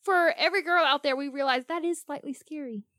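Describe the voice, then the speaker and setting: A woman with a high voice chats on a movie podcast, teasing her co-host with quick, playful quips. The recording is dry and close. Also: sharp tone, dry recording. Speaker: guest co-host. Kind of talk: casual movie podcast chat.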